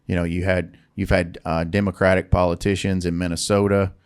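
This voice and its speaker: A man's voice: low-pitched, little pitch movement, fairly quick, a little mellow, smooth. A man co-hosting a casual podcast discussion, thoughtfully steering the group into a new topic. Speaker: podcast co-host leading the topic.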